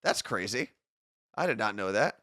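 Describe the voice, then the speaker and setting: A man's voice: lowish voice, big pitch swings, normal speed, bright, forceful tone, dry recording, studio quality. A man with a Long Island New York accent co-hosting a live morning show, joking around and reading viewer messages aloud. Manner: joking, chatty, reads chat comments aloud.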